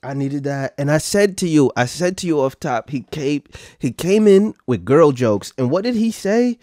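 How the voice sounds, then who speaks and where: A man's voice: fairly high pitch, lively intonation, moderate pace, few pauses, a little mellow, no room sound, studio quality. A man hosting a podcast, reacting to clips with profane, boastful casual commentary and frequent laughter. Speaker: podcast host.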